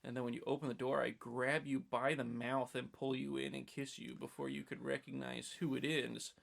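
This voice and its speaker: Man, gravelly creaky voice, sarcastic, joking, casual podcast chat. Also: medium pitch, level tone, normal speed, a bit bright. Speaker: podcast co-host, horror newcomer.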